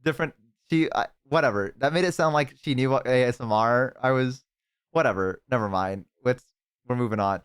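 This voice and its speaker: A man's voice: medium pitch, a little fast, clean tone. A man streaming, chatting casually, joking and rambling with crude humor.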